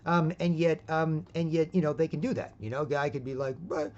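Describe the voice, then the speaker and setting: A man delivering a rambling vlog monologue, his voice sitting a bit high for a man. He keeps tacking on 'right?' and trips over restarts. The recording is dull and lo-fi. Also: steady tone, a little fast, a little mellow. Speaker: vlogger.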